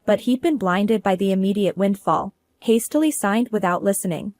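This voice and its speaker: A woman's voice: medium pitch, expressive, normal speed, darkish tone, no echo, soft background music. A woman narrating a first-person drama story in a cool, businesslike manner.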